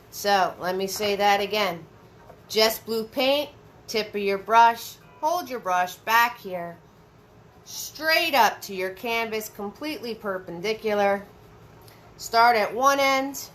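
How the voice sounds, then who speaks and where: A woman leads a live painting class at an unhurried pace, with a bright, forward tone. She repeats her instructions twice and chats warmly with viewers by name between steps. Soft music plays faintly behind her. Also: medium pitch. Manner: chatty, repeats phrases, greets viewers by name. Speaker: paint party instructor and host. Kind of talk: live-streamed painting lesson with viewer chat.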